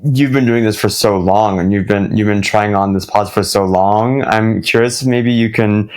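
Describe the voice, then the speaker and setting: A man with a low voice hosts an interview. He asks curious, thoughtful questions and gropes for words with plenty of fillers. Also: fairly even intonation, normal speed. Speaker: host.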